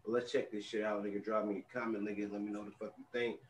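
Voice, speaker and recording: Male commentary host, slangy casual talk, lowish voice, roomy and distant sound. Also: little pitch movement, fast. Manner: loose slang-heavy street talk. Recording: roomy, distant mic with faint noise.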